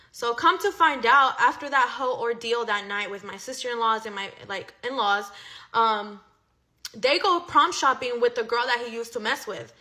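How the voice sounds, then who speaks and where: Bright-voiced young woman telling a story. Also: fairly high pitch. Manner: chatty, profane, heavy use of "like". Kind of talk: casual storytime monologue.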